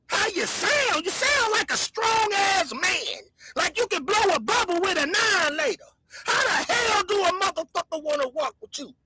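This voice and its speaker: A woman hosting a livestream, loudly hurling mocking insults in a shouting rant. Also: very high-pitched, slight background noise. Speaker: livestream host.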